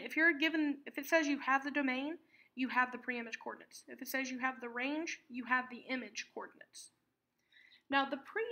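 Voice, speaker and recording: A woman teaching a math lesson, patiently explaining terms and repeating key words slowly. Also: fairly high pitch, fairly bright tone.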